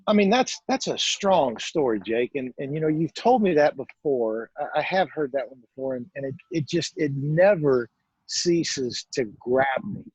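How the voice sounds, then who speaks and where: A podcast host with a higher, husky man's voice answers his guest thoughtfully. He often repeats words as he works out what he means. The sound is dry and a little dull and lo-fi. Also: expressive, normal speed, a little mellow, no echo. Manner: thoughtful, repeats words while searching for them. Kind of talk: reflective interview chat.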